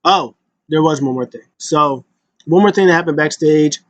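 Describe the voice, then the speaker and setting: A man rambling through a casual recap of wrestling events, with frequent fillers and quick impressions of the wrestlers. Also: a little high, a bit bright, lo-fi sound.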